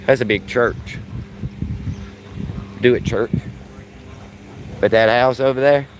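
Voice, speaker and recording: A man's voice: medium pitch, steady tone, slow pace, background noise. Folksy man in his fifties. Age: 50s. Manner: talks to his dog as he strolls, folksy and joking. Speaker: vlogger. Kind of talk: casual live-stream walking chat. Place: outdoors on a neighborhood street. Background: faint outdoor ambience.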